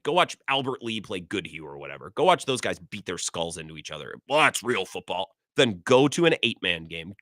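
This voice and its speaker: A man's voice: mid-range voice, sharp tone, no room sound, studio quality. A man hosting sports talk radio, ranting sarcastically about his team.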